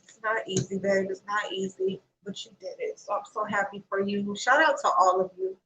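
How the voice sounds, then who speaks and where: A woman's voice: medium pitch, normal speed, dull audio, noisy background. A woman chatting casually straight to her viewers on a livestream, in a talkative, emotional way. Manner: chatty, talks straight to viewers, emotional and tearful when reading good news. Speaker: vlogger.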